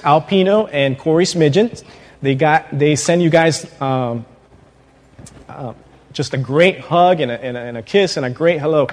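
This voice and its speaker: A man's voice: fairly high pitch, long reverb tail. A man giving a sermon as a guest preacher, with a hesitant manner full of fillers and restarts, speaking in a church. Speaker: guest preacher, pastoral intern. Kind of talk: sermon opening. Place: church sanctuary.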